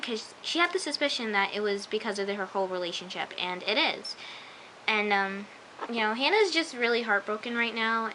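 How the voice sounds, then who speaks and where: Young woman, chatty show recap, gushing, slips into whispers, bright voice, faint hiss. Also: fairly high pitch, poor audio. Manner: chatty, gushing, full of "like" and "oh my gosh", drops into whispers. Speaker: show reviewer. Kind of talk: casual episode recap.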